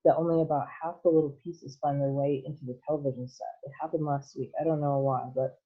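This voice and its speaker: A woman voicing an eccentric, excitable male chocolate maker who exclaims loudly, over a tinny phone-like line. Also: deep voice, quick pace, slightly rough. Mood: worried. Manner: loud exclamations.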